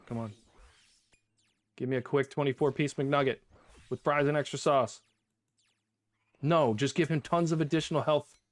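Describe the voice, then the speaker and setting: A man's voice: a little high, moderate pace, pauses often, no room sound. Male game streamer, conversational live commentary, dry booth-like sound. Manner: chatty, talks to chat, bursts of laughing frustration.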